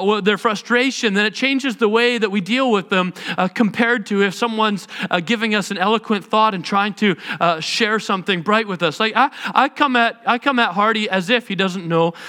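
A man with a high, bright, ringing voice delivers a sermon in a casual, story-driven way, drifting into humor as he talks. His words carry a long reverb from a large church hall. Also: smooth. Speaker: pastor.

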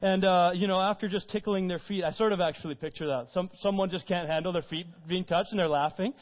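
A man's voice: high-pitched, fairly even intonation, quick pace. A man preaching a conversational sermon, retelling scripture informally in his own words. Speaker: pastor. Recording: dull recording with long hall reverb.

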